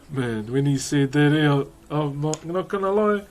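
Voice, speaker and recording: A man's voice: fairly high pitch, expressive, unhurried, a little hiss or hum, poor audio. A young adult man with a New Zealand accent, chatting casually and laughing with his live-stream chat while he works on a woodcarving. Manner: laid-back, chuckling, friendly "bro" talk.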